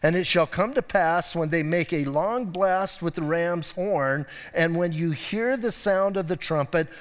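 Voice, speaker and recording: A man's voice: on the high side, unhurried. A middle-aged man, a pastor, giving a casual, chatty sermon and talking to listeners directly. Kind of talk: conversational sermon. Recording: church hall reverb.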